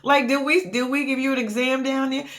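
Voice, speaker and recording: A woman's voice: high-pitched, steady tone, a little fast, a bit bright. A young adult woman giving a casual reality-show recap, blunt, profane and sassy, acting out what people said.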